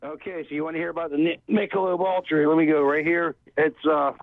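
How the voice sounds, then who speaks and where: A man's voice: a little high, steady tone, fast talker, vocal fry, no room sound. Rambling man on a tinny phone line. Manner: loose, rambling, chuckling after many beers. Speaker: caller. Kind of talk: casual phone-in beer review.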